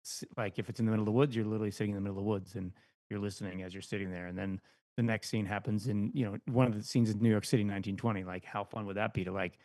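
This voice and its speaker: A man with a lowish voice talks quickly as a podcast guest. His delivery is eager and agreeable, and the recording sounds close and dry. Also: fairly even intonation, a little mellow, dry recording. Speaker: guest author. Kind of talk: casual interview chat.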